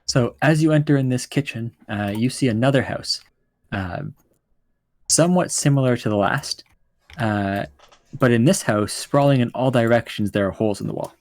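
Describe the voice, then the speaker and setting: A man running a tabletop game as game master, describing scenes in an unhurried way with many fillers. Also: mid-range voice, darkish tone, no room sound.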